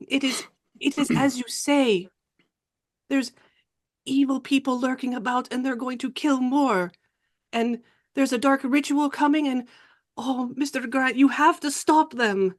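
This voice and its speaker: A dramatic French woman pleads in low, hushed tones, with a put-on French accent and a raised pitch, as a woman players her. The voice sounds breathy and urgent, and it carries an air of theatrical mystery. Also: a little slow, pauses often. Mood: pleading.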